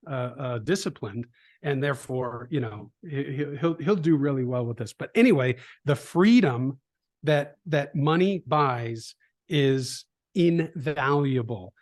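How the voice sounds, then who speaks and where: A middle-aged man in a conversational interview, an animated storyteller who acts out quoted voices, with frequent restarts. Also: medium pitch, unhurried. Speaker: trading educator, guest.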